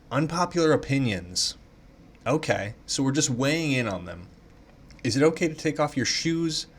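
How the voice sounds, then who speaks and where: A man taking online quizzes in casual commentary, thinking out loud, swearing freely and playing up mock indignation. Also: mid-range voice.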